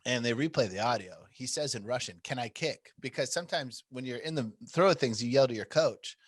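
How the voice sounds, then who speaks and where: Podcast co-host, male, mid-pitched, dry studio sound, profane rambling storyteller. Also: a little fast, breathy edge, no room sound. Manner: profane, rambling storyteller who laughs often. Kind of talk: casual chat.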